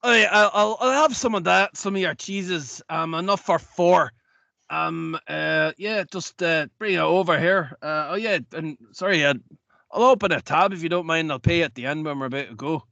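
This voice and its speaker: A man's voice: fairly high pitch, normal speed, creaky, bright, forceful tone, no echo, lo-fi sound. A man voicing a blunt, hungry male dwarf adventurer in a tabletop game. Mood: hearty. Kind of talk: tabletop role-play voice.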